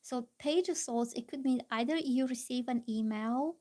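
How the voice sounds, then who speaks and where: A woman's voice: a little high, normal speed, darkish tone. A woman giving live-stream tarot readings, chatty and reassuring, rambling with many fillers. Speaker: tarot reader.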